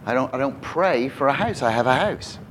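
A man preaching a lively expository sermon to a congregation, often asking them questions. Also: medium pitch, a little fast, noisy background.

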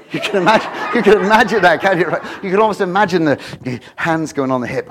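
Middle-aged male preacher, high-pitched, animated storyteller. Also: fast talker, hardly any pauses, background noise. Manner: animated storytelling, swings from hushed to shouting. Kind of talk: sermon.

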